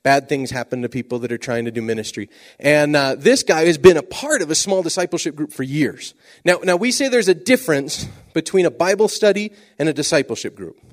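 A man preaching a sermon, telling a story with lively swings from loud exclamations to hushed asides. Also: fairly high pitch, brisk.

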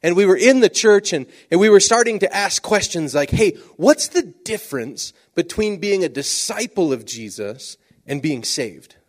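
A man preaching a sermon, telling a story with lively swings from loud exclamations to hushed asides. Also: sits high, moderate pace.

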